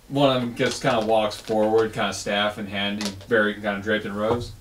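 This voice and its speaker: A man's voice: lowish voice, level tone, moderate pace, few pauses. A man running a tabletop game as game master, talking casually with lots of swearing. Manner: casual, profane, rambling. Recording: echoey room, far from mic.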